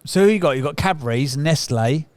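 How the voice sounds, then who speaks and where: A man's voice: fairly high pitch, expressive, fairly quick, dry recording. A man co-hosting a podcast, teasing and joking in casual banter. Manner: jokey, teasing, playful. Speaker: podcast co-host.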